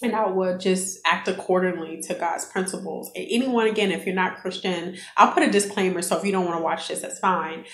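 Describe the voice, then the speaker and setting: A woman's voice: lowish voice, steady tone, brisk, hardly any pauses, a bit bright. Earnest woman vlogger in an echoey room. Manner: earnest, preachy, addresses viewers as guys. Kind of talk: casual faith testimony.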